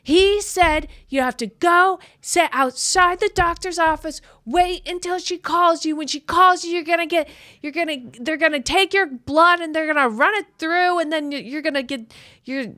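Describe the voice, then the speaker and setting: A woman voicing a young female clinic front-desk worker who rattles off instructions in a rapid, high voice while retelling a story. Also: pushed and bright. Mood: explaining. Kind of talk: comic retelling in a podcast.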